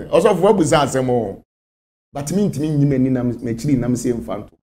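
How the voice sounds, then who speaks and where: A man's voice: mid-range voice, expressive, normal speed, mellow, a little hiss or hum. A man from Ghana, a spiritual leader, answering interview questions emphatically and repeating his phrases.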